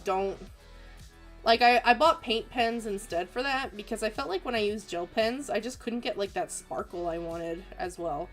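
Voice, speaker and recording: A young woman hosting an art livestream, chatting casually and giggling as she reads viewer messages aloud. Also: a little high. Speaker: art streamer reading viewer submissions.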